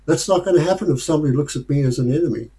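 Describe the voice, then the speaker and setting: Chuckling Australian man, fairly high voice. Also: racing, dark tone, rough recording. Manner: chuckles often, rambling, conversational. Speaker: speaker sharing life lessons. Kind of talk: casual storytelling talk.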